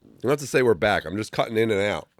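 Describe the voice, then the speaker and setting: A man's voice: fairly low pitch, lively intonation, racing, dry recording. A man co-hosting a podcast, teasing his friend insistently with plenty of swearing. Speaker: podcast co-host. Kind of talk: crude joking banter.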